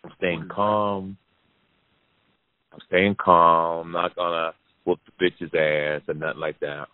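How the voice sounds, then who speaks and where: A man hosting a podcast, telling a long personal story to his audience in a lively, profane way, repeating lines for emphasis. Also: sits low, slow pace, clean tone, no echo. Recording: dry, phone-like narrow sound.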